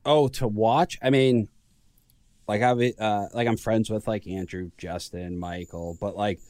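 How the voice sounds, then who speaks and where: A man's voice: lowish voice, fairly even intonation, unhurried, darkish tone, no echo. A young man co-hosting a casual podcast chat, talking hesitantly with lots of fillers. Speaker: podcast co-host.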